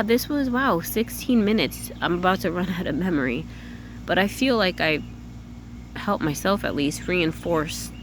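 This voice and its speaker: A woman with a low-pitched voice speaks in a candid, self-questioning way, thinking out loud for her vlog. She keeps checking in with her listeners as she goes. A faint noise sits under the recording. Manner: candid, self-questioning, says "you know what I'm saying" often. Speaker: vlogger. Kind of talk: reflective personal vlog monologue.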